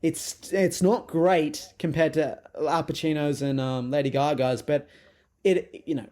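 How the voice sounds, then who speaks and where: A man with a fairly high voice co-hosts a casual movie podcast. He talks bluntly and swears freely, getting animated when he mocks a performance. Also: measured pace. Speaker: podcast co-host. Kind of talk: casual movie review chat.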